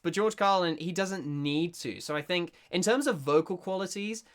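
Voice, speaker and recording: A British voice actor from Britain giving casual, excitable reaction commentary with many restarts. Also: medium pitch, moderate pace. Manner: excitable, gushing, stumbling restarts.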